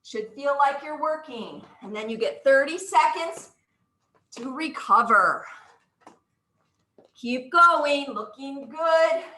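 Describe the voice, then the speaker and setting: A woman's voice: high-pitched, expressive, slow, pauses often, sharp tone, echoey room, poor audio. A woman leading a live exercise class, upbeat and encouraging, counting out moves with whoops and getting out of breath. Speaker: exercise instructor.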